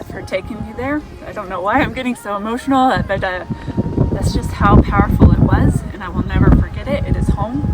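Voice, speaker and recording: A middle-aged woman narrating a hiking vlog outdoors on a mountain trail, talking in an earnest, heartfelt way. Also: medium pitch. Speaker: hiker vlogger. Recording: loud background music.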